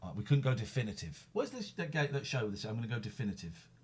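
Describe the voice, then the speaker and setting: A man's voice: medium pitch, big pitch swings, fast, slightly rough. A man hosting a live call-in show, chatting casually and joking as he goes. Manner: jokey, rambling, puts on silly voices. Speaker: host.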